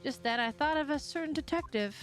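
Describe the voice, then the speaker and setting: A woman's voice: sits high, fairly quick, soft background music, voice pushed up, natural voice. A woman voicing a condescending, middle-aged male police chief, reading game dialogue aloud in a smug, commanding way.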